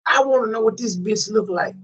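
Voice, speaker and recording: A man's voice: sits high, fairly quick, fairly bright tone, slightly rough, highs cut off. A man hosting a reaction commentary, ranting with profane disbelief. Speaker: commentary channel host.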